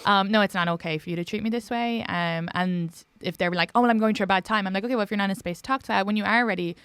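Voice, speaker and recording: A woman's voice: medium pitch, a bit bright, clear, resonant tone, no echo. A woman hosting a podcast and chatting openly about personal things. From Ireland. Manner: quick, chatty, confessional. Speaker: podcast host. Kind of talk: casual podcast chat.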